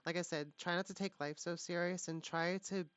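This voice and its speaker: A woman giving a live tarot reading, talking in a halting way with many fillers and restarts. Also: lowish voice, fairly even intonation, dry recording. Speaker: tarot reader. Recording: dull lo-fi, dry sound.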